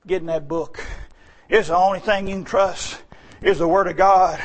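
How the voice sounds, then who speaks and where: A man's voice: high-pitched, fairly even intonation, normal speed. A male pastor, preaching a sermon in an emphatic, folksy way. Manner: emphatic, folksy, bursts into shouting.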